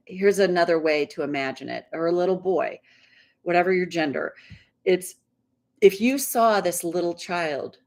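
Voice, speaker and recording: A woman guides listeners through a tapping session in an easygoing, conversational way. Her voice sits a little low, and she sounds gentle and reassuring. She slows down when she speaks the affirmations. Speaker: inner guidance coach.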